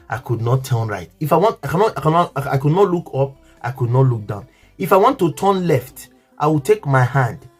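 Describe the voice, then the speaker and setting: A man's voice: medium pitch, breathy edge. A man with a Nigerian English accent telling an emotional story to his viewers, earnest and repetitive, often asking if they understand.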